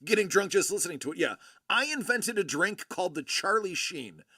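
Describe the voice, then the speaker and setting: A man's voice: high voice, expressive, brisk, sharp tone, slightly rough, no room sound, studio quality. A man in his forties from Buffalo, New York, hosting a live show and telling rambling stories with lots of fillers and restarts. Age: 40s. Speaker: host of a collectibles live show. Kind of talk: casual live-stream chat.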